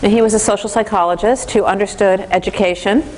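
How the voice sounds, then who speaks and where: A woman instructor giving a lively, conversational lecture in a classroom, speaking straight to the class. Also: medium pitch, fast talker, a little hiss or hum, poor audio.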